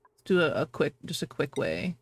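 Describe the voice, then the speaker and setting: Giggly game streamer, very lively pitch. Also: normal speed, a little hiss or hum. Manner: giggly, laughs often, apologizes a lot; talks to chat, reacting to the game. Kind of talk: casual live-stream chatter while playing.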